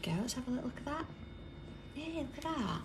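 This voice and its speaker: Gravelly British woman, chatty craft demo. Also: sits high, big pitch swings, fast, background noise. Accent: British English. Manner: chatty, drops to a soft whisper while drawing. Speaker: craft demonstrator hosting a live stream. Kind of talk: live craft tutorial chat. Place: busy indoor craft workroom.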